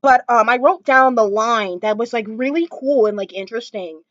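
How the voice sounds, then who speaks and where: A woman's voice: fairly high pitch, normal speed, dry recording, dull audio. A woman vlogger sitting on the floor at home, gushing and rambling about a TV episode with lots of fillers. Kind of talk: casual chat.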